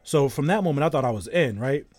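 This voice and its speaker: A man's voice: medium pitch, expressive, fast talker, a little mellow, no echo. A man around thirty, a game streamer in casual live-stream chat, telling a rambling story while greeting viewers.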